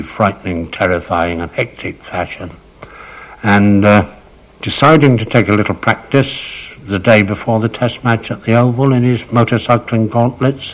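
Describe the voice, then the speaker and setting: A man's voice: lowish voice, low-quality recording. Older man telling vivid anecdotes. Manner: vivid, dramatic storytelling with leisurely emphasis. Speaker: cricket raconteur. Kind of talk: anecdotal reminiscence.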